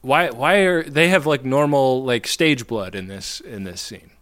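Podcast guy, smooth resonant voice, rambly and swears a lot, laughs easy. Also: mid-range voice, measured pace, a bit bright. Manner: rambling, profane, laughs often. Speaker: podcast co-host. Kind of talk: casual chat.

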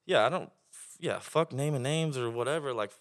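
A man's voice: mid-range voice, a little fast, no room sound, studio quality. A young man from Oklahoma with an Oklahoma accent, a podcast guest chatting casually and telling stories with plenty of swearing. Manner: swearing, animated storytelling. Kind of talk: casual chat.

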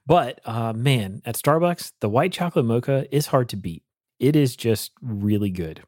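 A man's voice: medium pitch, lively intonation, moderate pace, darkish tone, no room sound, clean studio sound. A man co-hosting a casual roundtable podcast, easygoing and poking fun at himself. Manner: easygoing, self-mocking. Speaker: podcast co-host.

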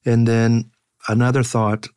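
A middle-aged man, a pastor, telling reflective stories in an earnest, halting way with many fillers. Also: mid-range voice, little pitch movement, darkish tone, smooth, dry recording, clean studio sound. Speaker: pastor and guest. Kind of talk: reflective conversational storytelling.

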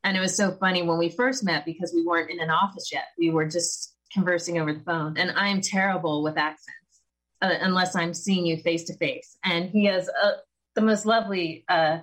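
A woman's voice: on the low side, fairly even intonation, brisk, fairly bright tone, rough recording. A woman in her thirties, a guest in a conversational interview, chatty and self-deprecating, often quoting herself. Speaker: podcast guest, communications strategist.

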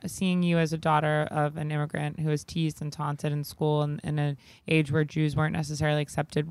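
A woman's voice: low voice, creaky, a little mellow, smooth, no room sound. A woman co-hosting a podcast, teasing and bantering in casual chat and asking interview questions. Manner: teasing, bantering, quick to tease her co-host.

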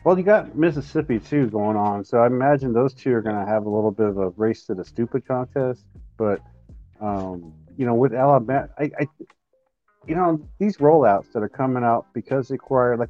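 A man's voice: medium pitch, dry recording. Podcast guy rambling with crude jokes, dry muffled sound, faint music. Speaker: podcast co-host. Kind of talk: casual chat. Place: home studio, Washington State.

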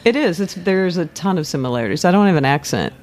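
A woman's voice: on the low side, animated, quick pace, darkish tone. A middle-aged woman from Missouri with a slight Southern accent, a cookbook author guesting on a radio talk show, playful and laughing as she talks. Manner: playful, laughs while talking. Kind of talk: radio interview chat.

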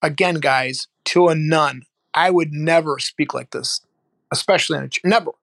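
A man's voice: on the high side, moderate pace, gravelly, dry recording. A middle-aged man from Ohio, a guest telling his story frankly and vividly, with some swearing. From Ohio, United States. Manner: candid, animated storyteller, swears freely. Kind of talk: casual storytelling interview.

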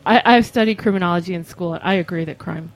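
A woman's voice: fairly low pitch, quick pace, rough recording. A woman from Rochester co-hosts a casual studio chat. She teases her guests playfully and asks them easygoing questions. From Rochester, New York. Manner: playful, teasing, laughs easily. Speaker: radio show co-host.

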